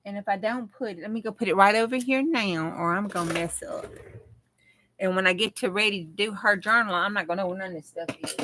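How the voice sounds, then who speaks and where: A woman's voice: medium pitch, fast talker, sharp tone, slight background noise. A middle-aged woman with a Southern American accent, hosting a casual crafting livestream and thinking aloud as she arranges journal pages. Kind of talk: casual live-stream chat while crafting.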